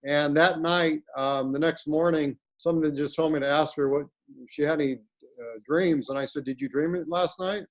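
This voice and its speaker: Rambling, earnest male guest in his forties, slightly high voice. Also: fairly even intonation, normal speed, poor audio. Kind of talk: casual conversation.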